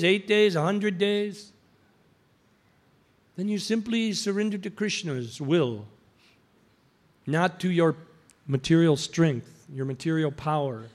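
A man preaching an anecdotal sermon, telling stories and acting out the voices of the people in them. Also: high voice. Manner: storytelling, acts out quoted voices.

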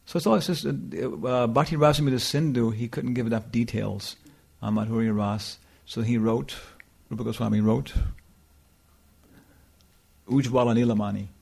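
A man teaching scripture in a loose, rambling way, peppering everything with "you know" and little chuckles. His voice is gravelly with a husky, breathy texture, at a middling pitch. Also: normal speed, darkish tone. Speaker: spiritual teacher. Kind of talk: informal scripture talk with Q&A.

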